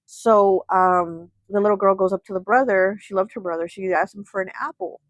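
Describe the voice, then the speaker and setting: A woman's voice: mid-range voice, normal speed, dry recording, low-quality recording. A woman, host of a tarot channel, retelling a folk tale in a chatty, casual way, full of fillers. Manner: chatty, heavy with fillers like "you know" and "like". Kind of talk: casual storytelling.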